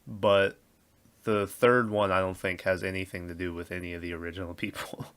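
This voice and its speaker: A man co-hosting a movie podcast, chatting casually with friends and laughing often, animated when retelling scenes. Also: low-pitched, brisk, clear, resonant tone. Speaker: podcast co-host. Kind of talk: casual chat.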